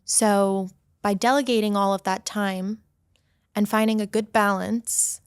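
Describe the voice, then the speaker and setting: A woman's voice: medium pitch, steady tone, a little slow, clear, resonant tone, no room sound. A young woman esthetician and studio owner giving upbeat advice in a casual podcast interview.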